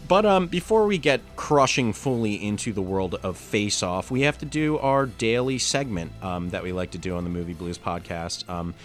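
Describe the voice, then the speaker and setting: A man co-hosting a podcast in casual chat, his throat a little raspy, rambling and swearing with lots of ums and restarts. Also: on the low side, moderate pace, few pauses, faint music behind. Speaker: podcast co-host.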